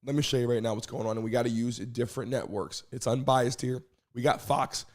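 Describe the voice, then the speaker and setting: A man hosting a live stream show, hoarse from losing his voice, talking casually and energetically while greeting viewers in the chat. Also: medium pitch, fairly even intonation, brisk, darkish tone.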